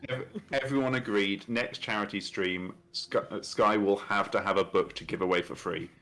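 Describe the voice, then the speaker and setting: A man's voice: on the low side, steady tone, normal speed, bright, forceful tone. A man co-hosting a charity stream, chatting casually and making dry jokes. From Scotland. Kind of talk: casual chat.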